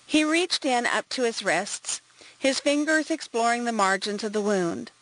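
A woman's voice: fairly high pitch, a bit bright, rough recording. Composed woman audiobook narrator. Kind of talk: scripted narration.

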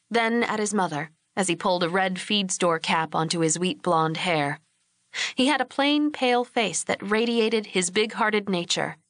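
A woman narrating an audiobook in a measured, even storytelling manner, recorded on a close mic. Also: mid-range voice, no echo. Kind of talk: scripted narration.

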